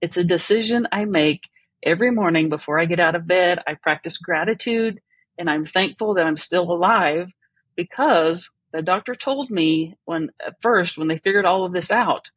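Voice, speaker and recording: Husky-voiced woman, earnest and reflective. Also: lowish voice, normal speed, dry recording. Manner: earnest and reflective, laughs often. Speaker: podcast guest. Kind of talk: personal story in an interview.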